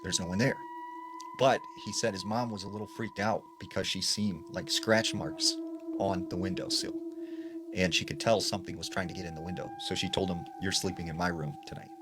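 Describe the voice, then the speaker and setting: A man's voice: deep voice, moderate pace. A man casually retelling scary stories in a chatty manner, often dropping "like" and "you know" between phrases. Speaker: storyteller. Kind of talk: casual spoken storytelling. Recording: noisy background ambience.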